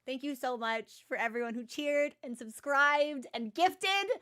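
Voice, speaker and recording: High-voiced chatty woman streamer. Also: measured pace. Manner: chatty, animated, frequent filler words. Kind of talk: casual chat.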